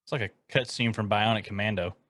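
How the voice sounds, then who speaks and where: A man's voice: lowish voice, steady tone, quick pace, a bit bright, dry recording. A man co-hosting a podcast, chiming in with dry joking asides in casual banter. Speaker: podcast co-host.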